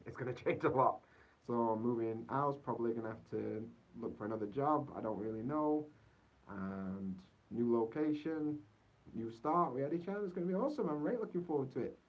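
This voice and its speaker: A young man from Yorkshire with an English accent, chatting casually on a livestream in a rambling, easygoing way. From Yorkshire, England. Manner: rambling and easygoing, full of fillers like "so yeah". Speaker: vlogger living in Japan. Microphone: poor-quality mic. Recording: dull, muffled low-quality mic.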